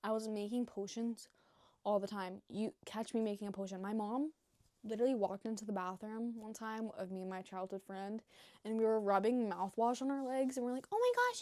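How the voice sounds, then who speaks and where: Young woman, casual vlog chat, rambling, swearing, mid pitch, dry. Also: steady tone, fairly quick, mellow, no echo. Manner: rambling, swearing, bursts into squeaky acted quotes. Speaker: vlogger.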